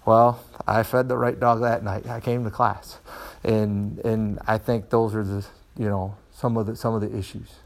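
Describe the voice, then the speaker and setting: A gravelly, low-leaning voice at a moderate pace belongs to a middle-aged martial arts student. He tells open, personal stories with animation in a dojo, often starting over mid-thought.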